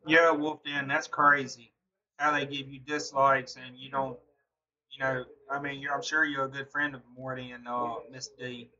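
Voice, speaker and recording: A man's voice: mid-range voice, flat delivery, normal speed, bright, forceful tone. A man hosting a casual livestream, chatting loosely with viewers and answering their comments, full of fillers. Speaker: livestream host. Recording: dull lo-fi stream audio.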